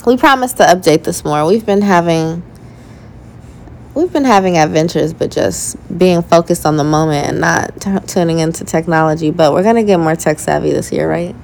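A woman's voice: lowish voice, moderate pace, gravelly, a little mellow, a little hiss or hum. A woman co-hosting a casual travel podcast with her partner, chatty and laughing easily. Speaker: podcast co-host.

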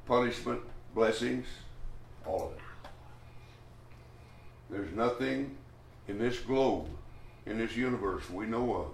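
A man's voice: medium pitch, fairly bright tone, a little hiss or hum. A man preaching a sermon in a church hall, working through scripture in a folksy, rambling way. He takes his time, and his voice rings with room echo, heard from some distance away from the mic. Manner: folksy, rambling Bible teaching with restarts and chuckles.

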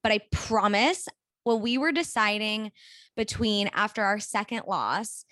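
A woman co-hosting a podcast, telling a personal story in a candid, animated way with frequent swearing. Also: medium pitch, measured pace, no room sound. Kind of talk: casual conversation.

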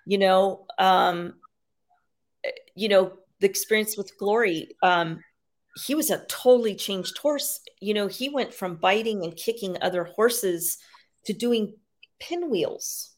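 A woman's voice: medium pitch, slow pace. A woman guest, an animal communicator and medium, telling stories in a rambling, casual way with frequent fillers. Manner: rambling, filler-heavy, frequent "you know". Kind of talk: casual storytelling interview.

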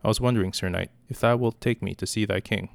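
Scheming young enchantress, sly and taunting, low gravelly delivery; a man reads her. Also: fairly even intonation, fast talker, no room sound.

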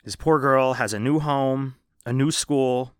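A man's voice: mid-range voice, measured pace, clear, resonant tone, no echo. Podcast co-host, male, profane and teasing, dry close sound. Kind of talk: casual chat reviewing a movie.

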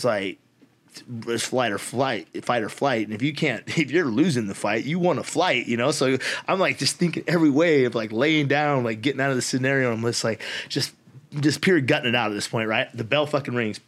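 A man's voice: medium pitch, fairly quick. A man in his forties telling a story as a podcast guest, swearing freely and laughing often. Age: 40s. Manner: profane, animated, laughs often. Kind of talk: casual storytelling.

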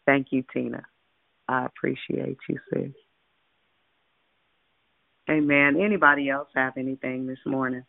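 Gravelly-voiced woman pastor on a phone line. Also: extremely low pitch, flat delivery, a little slow, long pauses, no echo. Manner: affectionate, calls callers babe and sugar. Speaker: pastor hosting a prayer line. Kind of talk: casual prayer-line chat. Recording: dry tinny phone line.

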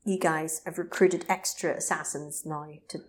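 A woman's voice: sits low, fairly even intonation, normal speed, close to an everyday voice. A woman voicing a scheming male video game villain in an offhand paraphrase, close to her own voice. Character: scheming male villain, the game's main bad guy.

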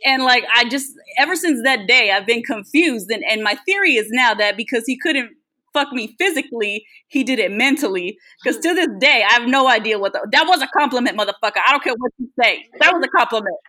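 A woman's voice: fairly high pitch, expressive, brisk, sharp tone. A woman co-hosting a podcast, telling a personal story in casual, profane chat. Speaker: podcast co-host.

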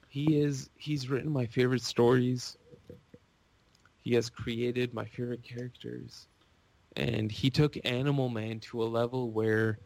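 Gravelly man ranting excitedly. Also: medium pitch, no echo. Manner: excitable, rambling, gushing. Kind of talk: casual podcast rant.

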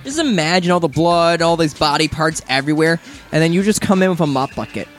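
Man, slightly high voice, rambling casual game chat, acts out reactions, faint music behind. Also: a little fast. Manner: rambling, animated, acts out his own reactions in quotes. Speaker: podcast co-host. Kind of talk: casual chat about video games.

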